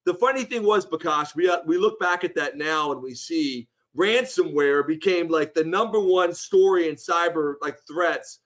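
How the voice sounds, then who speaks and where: A man's voice: moderate pace, few pauses, highs cut off. A middle-aged man telling a long anecdote in a conversation, acting out the quoted people as he goes. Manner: animated anecdote, voices the quoted people with rising pitch. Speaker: guest speaker. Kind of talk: storytelling in conversation.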